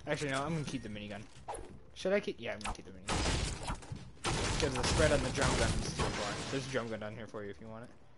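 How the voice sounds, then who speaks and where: A man in casual gaming chat over voice chat, excitable and swearing a lot. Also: medium pitch, quick pace, heavy background noise. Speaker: gamer.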